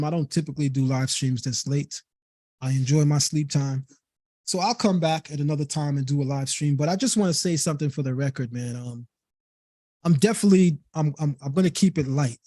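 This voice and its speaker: A man's voice: fairly high pitch, dark tone, no room sound, clean studio sound. A young man of Caribbean descent hosting a late-night live stream, talking emphatically and repeating himself to drive his points home. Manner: emphatic, repetitive, stressing words to make a point. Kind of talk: heated live stream commentary.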